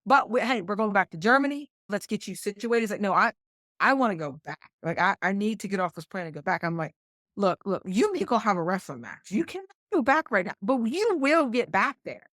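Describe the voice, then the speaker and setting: Woman, West Virginian accent, middle-aged, podcast guest, lively retelling, dry sound. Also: mid-range voice, brisk, no room sound. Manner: animated, quotes others in lively voices. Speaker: combat flight nurse, podcast guest. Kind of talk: conversational storytelling.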